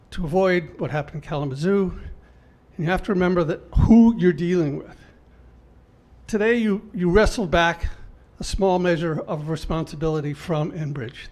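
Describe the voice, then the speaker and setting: A man from Michigan's Upper Peninsula speaking as a resident during public comment at a government meeting, earnest and pointed, with frequent ums and restarts. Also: fairly high pitch.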